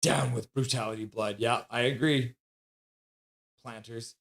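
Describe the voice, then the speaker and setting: On a live sports stream, a male host with a voice on the high side speaks at normal speed. He is chatty, casually reading chat messages and donations aloud while signing off.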